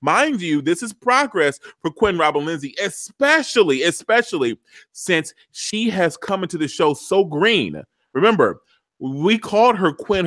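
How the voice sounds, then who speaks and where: A man hosting a TV recap show, chatting in an animated, digressive way. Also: on the high side, no room sound, clean studio sound. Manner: animated, digressive, acts out scenes. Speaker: podcast host. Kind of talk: TV recap chat.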